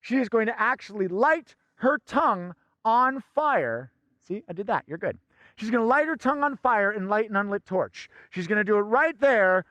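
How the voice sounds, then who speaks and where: A fire performer talks his way through a comic act in a high, bright voice, theatrical and bossy. His pitch jumps around constantly and sometimes breaks into shouting. The sound is close and dry. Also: lively intonation, moderate pace, dry recording, highs cut off. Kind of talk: comic stage patter.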